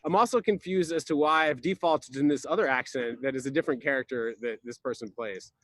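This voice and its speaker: A man's voice: mid-range voice, fairly quick, fairly bright tone, dry recording, close to an everyday voice. A man playing Greg, a goofy drywall installer, rambling and confused through an improvised comic slideshow on a video call. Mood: puzzled. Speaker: presenter in a slideshow game.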